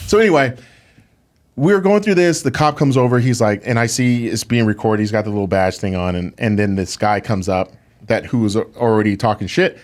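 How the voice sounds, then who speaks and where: A man's voice: fairly low pitch, brisk. A man who is a guest on a podcast, telling a story in a casual, indignant way and using a lot of filler words like "like" and "dude". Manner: animated, indignant retelling with many "like"s and "dude"s. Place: podcast studio.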